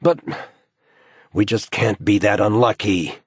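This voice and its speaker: A man's voice: fairly low pitch, measured pace, slightly rough, dry recording, voice pushed up. A man voicing a persistent, dry-joking male police detective who speaks insistently in an audiobook.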